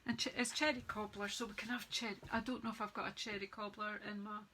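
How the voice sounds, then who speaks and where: Fast, bright and forceful, a woman's medium-pitched voice holds a level tone as she demonstrates card-making on a live stream. She chats casually and greets viewers by name, over slight background noise in a low-quality recording.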